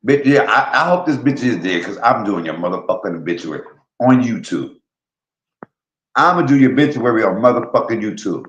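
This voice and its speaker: A man's voice: mid-range voice, animated, fairly quick, reverberant, poor audio. A man hosting a stream, delivering a vulgar roast rant full of repeated taunts and insults. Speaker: streamer host.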